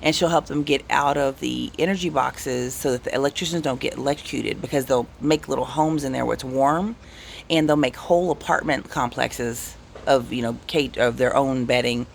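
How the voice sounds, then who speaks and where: A man's voice: mid-range voice, moderate pace, creaky, a little hiss or hum. A man telling casual, rambling anecdotes on his vlog. He cuts himself off and restarts often. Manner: rambling, self-interrupting, animated anecdotes. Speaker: vlogger. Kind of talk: casual storytelling.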